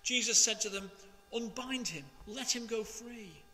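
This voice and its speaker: A man, a priest, reading the Gospel and preaching in a slow, measured, expressive way. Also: very high-pitched, in a large hall, soft background music.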